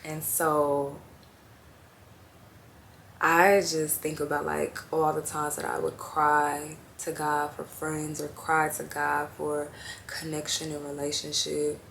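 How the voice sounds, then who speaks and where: A young woman in her twenties talking to the camera in a personal confessional vlog, slow and heartfelt, trailing off with fillers and tearful at times. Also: low-pitched, completely flat delivery, creaky, fairly bright tone, slight background noise. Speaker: vlogger.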